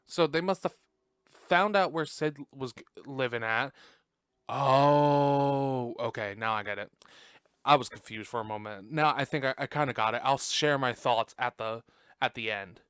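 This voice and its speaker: A man's voice: mid-range voice, a little slow, fairly bright tone, clear, resonant tone, no room sound, clean studio sound. A man hosting a podcast, giving a casual, sassy and profane reaction to a film and laughing often. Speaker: podcast host. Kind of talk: casual movie reaction commentary.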